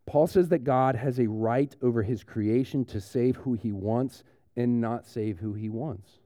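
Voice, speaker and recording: A man, preaching a conversational sermon and retelling a story with lively restarts. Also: mid-range voice, measured pace, no echo, studio quality. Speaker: pastor.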